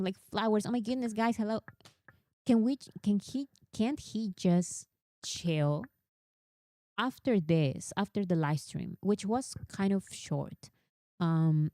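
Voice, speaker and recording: A woman's voice: fairly low pitch, dry recording, studio quality. Chatty woman streaming fan commentary. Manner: chatty, animated, reads quotes aloud. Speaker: live streamer.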